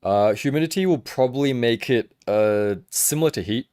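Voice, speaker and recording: A young man hosting a casual livestream about action figures, chatty and expressive, swearing freely and laughing as he answers viewers. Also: medium pitch, moderate pace, smooth, no echo, clean studio sound. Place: home in Hong Kong.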